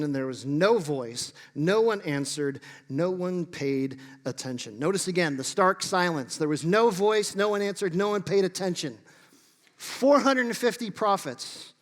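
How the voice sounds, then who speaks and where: Male pastor, sermon delivery, a touch higher than usual, reverberant church hall, joking asides. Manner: playful, sarcastic asides between scripture readings. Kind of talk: sermon reading and explaining scripture. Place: church sanctuary.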